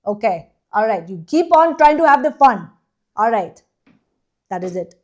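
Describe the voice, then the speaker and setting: A woman putting on a loud mock Indian-accented pep talker. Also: a little high, very animated. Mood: hammy. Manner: loud, drawn-out, comic. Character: loud exaggerated motivational speaker, woman.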